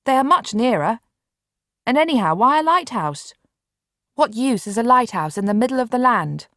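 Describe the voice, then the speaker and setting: A woman's voice: on the high side, big pitch swings, normal speed, bright, forceful tone, dry recording, voice pushed up, full character voice. A curt, grudging bedridden boy, as a woman reader puts him on, with exasperated patience in his tone. He sounds close and dry, in a voice a little above a typical woman's. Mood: impatient. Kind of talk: audiobook character reading.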